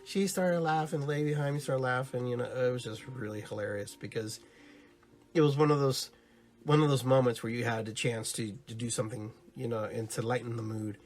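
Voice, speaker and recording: A man's voice: mid-range voice, steady tone, fairly quick. A man hosting a live-streamed podcast, chatting casually and rambling, who greets his viewers and acts out little stories. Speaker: podcast host.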